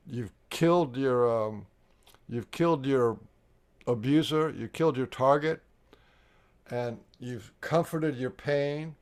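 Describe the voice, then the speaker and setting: A man leading a live online healing workshop, explaining the steps earnestly and pausing often to restart and repeat his words. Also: mid-range voice, darkish tone. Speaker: workshop facilitator.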